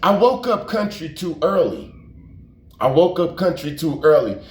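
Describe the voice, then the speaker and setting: A man's voice: a little high, big pitch swings, a little slow, a little mellow, slight background noise. Rambling, slangy man in an echoey room. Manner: rambling, emphatic, slangy, repeats words, curses. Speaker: YouTube storyteller. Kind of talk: casual storytelling monologue. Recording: roomy echo.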